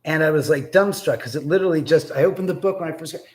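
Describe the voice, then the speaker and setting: A man hosting a live stream, telling a rambling, animated story and swearing freely. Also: fairly high pitch, racing. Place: in a house. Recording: roomy echo.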